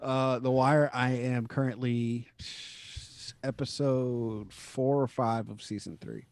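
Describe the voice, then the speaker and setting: A man co-hosting a casual chat, rambling with lots of fillers and quick laughs. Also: medium pitch, fairly even intonation, a little mellow. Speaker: podcast co-host.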